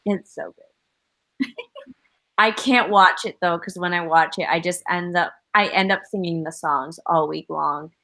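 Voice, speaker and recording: A woman's voice: lowish voice, unhurried, gravelly, bright, forceful tone, poor audio. A woman hosting a writing livestream, chatting casually over a video call, giggling often and rambling with lots of fillers. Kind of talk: casual chat.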